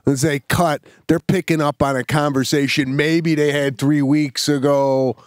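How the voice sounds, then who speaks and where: Animated man telling stories, dry sound. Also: on the high side, normal speed, smooth, no room sound. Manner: animated storyteller, says "bro" a lot. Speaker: podcast co-host. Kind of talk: casual storytelling chat.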